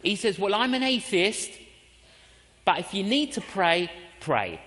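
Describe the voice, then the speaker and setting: Man, preacher, lively sermon storytelling, animated delivery, long hall reverb. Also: high-pitched, measured pace. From England. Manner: animated, acts out voices and inner prayers.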